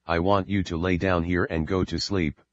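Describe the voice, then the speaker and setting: A man voicing a patient, fatherly creator who speaks calmly and gives firm commands, in an audiobook reading. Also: low-pitched, normal speed, dry recording, muffled recording, close to an everyday voice. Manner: calm, firm.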